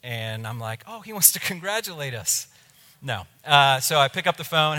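A pastor tells a story from the pulpit with a bright, forceful voice. He is animated, then drops to a near hush when the tension builds. A long reverb from a big hall hangs behind every line. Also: medium pitch, fast talker. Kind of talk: sermon storytelling.

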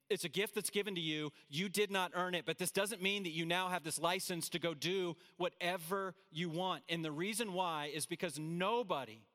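A man's voice: on the high side, sharp tone. A man preaching a sermon to a room, earnest and emphatic, with casual asides. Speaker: pastor. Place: large room with audience. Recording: hall reverb.

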